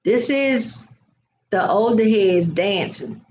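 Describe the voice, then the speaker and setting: A woman's voice: medium pitch, slow pace, a little mellow. An older woman hosting a casual vlog, telling a meandering story and talking straight to her live viewers. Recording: dull lo-fi sound with faint noise.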